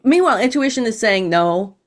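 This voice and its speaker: A woman guest on a podcast, explaining in a measured, teacherly way and acting out quoted thoughts. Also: fairly high pitch, lively intonation. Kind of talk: calm explanatory conversation.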